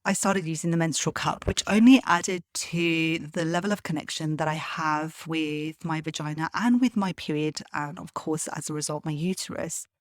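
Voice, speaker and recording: A woman with a low voice hosts a solo podcast, speaking earnestly and confidingly. She laughs softly now and then. The sound is dry and close, with no room around it. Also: fairly even intonation, moderate pace, hardly any pauses, dry recording. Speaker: podcast host.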